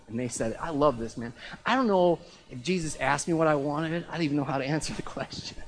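A man's voice: on the high side, brisk. A middle-aged pastor preaching a sermon in a casual, emphatic way, often repeating his key phrases.

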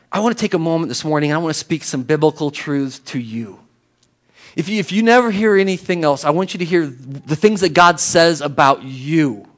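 A man's voice: high voice, a bit bright. A man preaching a sermon in an emphatic, conversational way, acting out little exchanges with people. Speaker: pastor.

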